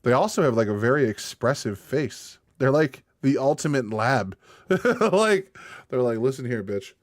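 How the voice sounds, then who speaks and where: A man's voice: medium pitch, animated, measured pace. A young man streaming, rambling in a laid-back, slangy way as he chats with his viewers. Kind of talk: casual live-stream chat.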